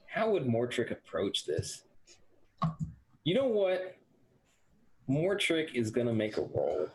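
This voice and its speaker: A man chats as a player in a tabletop game, thinking aloud and laughing often. His pitch swings widely, giving the talk an animated bounce. The voice itself sits in a middle register. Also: slow, pauses often, breathy edge.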